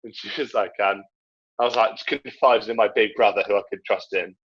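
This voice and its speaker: A man's voice: lowish voice, steady tone, brisk, slightly rough. A young man telling a childhood story in casual chat, laughing often and acting out the voices. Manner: chatty, laughs often, acts out quoted voices. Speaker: podcast guest. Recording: dull lo-fi sound.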